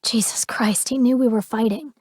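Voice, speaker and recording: A woman narrator voicing a brooding, protective young man in an audiobook, speaking low, hushed and grave. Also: steady tone, moderate pace, husky, no echo, studio quality.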